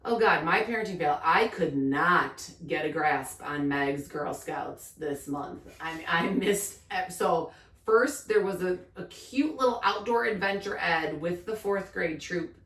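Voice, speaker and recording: A woman's voice: on the low side, unhurried, fairly bright tone, echoey room, distant mic. A woman co-hosting a casual podcast, telling stories in a chatty way and acting out the quotes. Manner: chatty storyteller, acts out quotes with laughter. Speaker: podcast co-host. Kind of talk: casual chat.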